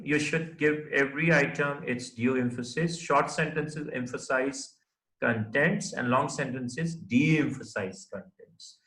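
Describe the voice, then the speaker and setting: Slow-talking male teacher in an echoey room. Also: mid-range voice, a bit bright. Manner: slow, explanatory, checks understanding with "right?". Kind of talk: recorded classroom lecture.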